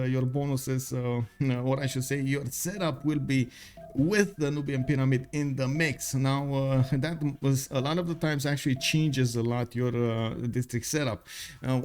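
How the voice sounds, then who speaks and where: A man's voice: medium pitch, a little mellow. A man giving live strategy game commentary, chatty and full of fillers, greeting viewers by name as he goes.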